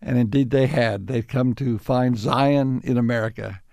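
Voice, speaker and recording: An older man being interviewed, recalling his life in unhurried stories with frequent restarts and small chuckles. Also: mid-range voice, fairly even intonation, creaky, darkish tone, no echo, studio quality. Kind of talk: reflective storytelling.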